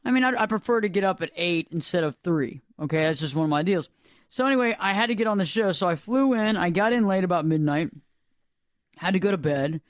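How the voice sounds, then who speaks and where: A man hosting a radio show, telling a story in a rambling, animated, dramatic way. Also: high voice, brisk, no room sound, studio quality. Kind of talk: casual storytelling chat. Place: radio studio.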